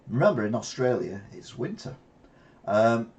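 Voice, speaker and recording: Older man, low mellow voice. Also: lively intonation, normal speed. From England. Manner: chatty, rambling, with wry asides. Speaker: channel host. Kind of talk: casual news commentary.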